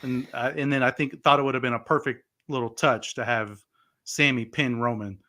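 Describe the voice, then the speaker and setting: A man co-hosting a laid-back podcast, his voice bright and forward at a medium pitch. He talks in an animated, rambling way, full of "like" and "you know". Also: moderate pace. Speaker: podcast co-host. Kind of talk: casual wrestling podcast chat.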